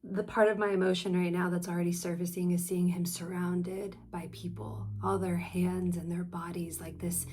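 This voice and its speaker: A woman's voice: lowish voice, flat delivery, normal speed, hardly any pauses, a little mellow, husky. A woman therapist hosting a reaction video, talking in a casual, earnest and reflective way as she shares personal stories.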